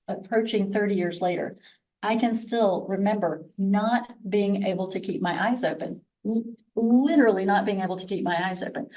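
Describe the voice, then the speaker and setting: Woman physician around sixty, chatty and candid, self-deprecating, mid-pitch, distant conference-room mic. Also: a little mellow. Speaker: physician presenter. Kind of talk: conference talk with audience Q&A.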